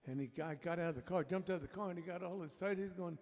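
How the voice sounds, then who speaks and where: A man with a fairly high, gravelly voice tells a joke in an easygoing way during a live show. He sounds a little away from the mic, with a long reverb trailing his words. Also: fast talker, hardly any pauses, darkish tone. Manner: easygoing storyteller. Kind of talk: telling a joke on stage. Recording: reverberant, from a distance.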